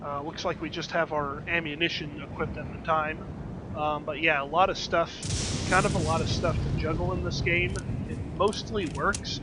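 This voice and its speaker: A man's voice: on the high side, steady tone, normal speed, very noisy. A man talking through a video game as he plays, chatty and wry, with lots of ums and uhs. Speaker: streamer. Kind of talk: let's play commentary.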